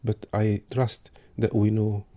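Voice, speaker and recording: A man giving calm parenting advice with examples. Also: on the low side, slow pace. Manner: calm, advisory, gives examples. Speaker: parenting speaker. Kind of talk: talk on parenting.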